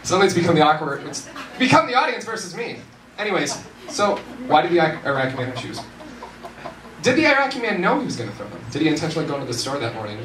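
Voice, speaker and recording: A young man doing a live stand-up routine at a university event, animated and self-mocking, with mumbled asides between louder bits. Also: a little high, fast. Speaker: stand-up comedian. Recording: echoey hall from far off, noisy.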